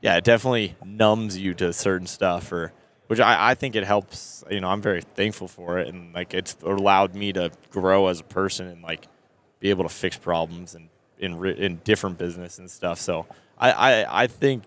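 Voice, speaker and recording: Deep-voiced man talking off-road racing. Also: steady tone, moderate pace, a bit bright. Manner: earnest, restarts often. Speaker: off-road racer guest. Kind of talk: casual podcast interview. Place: trade show.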